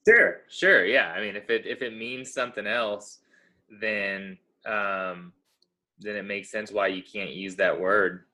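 American guy, podcast co-host, low-ish voice, rambling casual chat. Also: steady tone, unhurried, bright, forceful tone. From United States. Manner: rambling, self-correcting.

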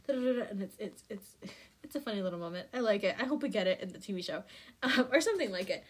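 A young adult woman hosting a casual book recap podcast, animated and chatty, laughing often and filling with "like.". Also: fairly high pitch, quick pace. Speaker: podcast host.

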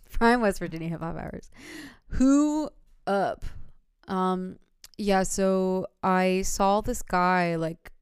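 Rambling chatty woman, crisp dry voice. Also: lowish voice, fairly even intonation, slow, no echo. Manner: rambling storyteller, filler-heavy, laughs often. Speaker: podcast co-host. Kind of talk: casual podcast chat.

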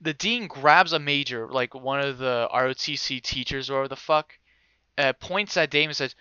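A young man casually telling a story, animated and swearing freely, acting out other people's voices. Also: mid-range voice, a little fast, smooth, no echo, muffled recording.

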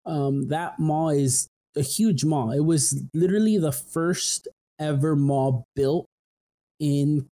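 Young male podcast host, mellow tone, loose rambling storyteller with lots of filler words. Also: fairly high pitch, slow pace. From San Fernando Valley, California. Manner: rambling, full of "like" and "um", restarts often. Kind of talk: casual storytelling.

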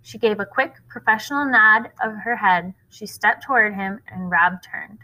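A woman reading a novel aloud at a school, expressive and pausing to explain the story to listeners. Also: medium pitch, rough recording.

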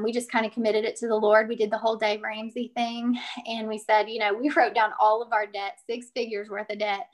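A middle-aged woman telling a personal story as an interview guest, chatty and earnest, with many fillers. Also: mid-range voice. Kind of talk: casual storytelling.

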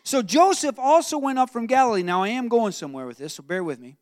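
A male pastor preaching to his congregation, his voice sitting high for a man. He tells the story with animated asides and keeps asking the room questions. The sound is dry and close. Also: quick pace, no echo. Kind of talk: sermon.

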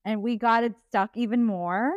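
A woman's voice: on the high side, fairly even intonation, normal speed, no room sound. A young woman hosting a casual podcast chat with a friend, telling stories animatedly, quoting herself and her friend, with frequent laughter. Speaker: podcast host. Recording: dull lo-fi sound.

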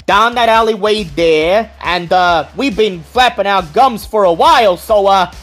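A man's voice: high voice, a little slow, a bit bright, faint music behind, voice pushed up. A man voicing a chatty, shifty male street food vendor who rambles in slang and stumbles over his words.

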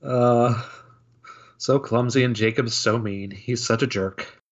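A man's voice: mid-range voice, steady tone, slow pace. Joking man on a muffled lo-fi mic. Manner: joking, rambling, self-deprecating. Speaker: podcast co-host. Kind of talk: casual gaming chat. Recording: dull lo-fi audio.

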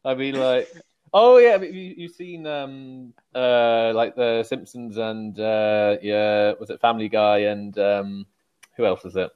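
A man's voice: mid-range voice, unhurried, smooth, lo-fi sound. A man hosting a podcast in casual chat, rambling with lots of "like" and teasing his guests. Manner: rambling, heavy use of "like", teasing. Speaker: podcast host.

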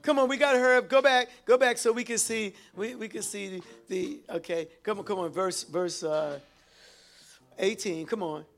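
A man's voice: high voice, steady tone, moderate pace, creaky, a bit bright, soft background music. A man preaching a sermon, reading scripture and calling out to the congregation for responses. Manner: exhorting, calls out to the congregation.

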